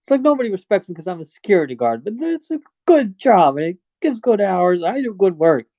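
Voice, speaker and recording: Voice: medium pitch, sing-song, fairly quick, dark tone, no room sound, highs cut off, pitched above the performer's own voice. A game master voicing a touchy, proud male security guard who is defensive and indignant.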